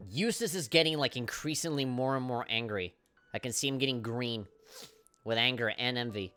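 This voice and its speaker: Guy streaming a game live, swears a lot, gets worked up, reads the dialogue out, mid pitch, faint music behind. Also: normal speed. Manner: excitable, profane, often reads game dialogue aloud. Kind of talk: casual live gameplay commentary.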